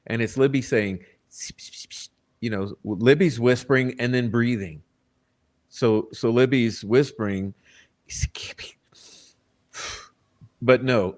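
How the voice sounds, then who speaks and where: A man's voice: mid-range voice, a little mellow. A man hosting a casual livestream commentary, insistent and repeating his words as he argues a point. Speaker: livestream host.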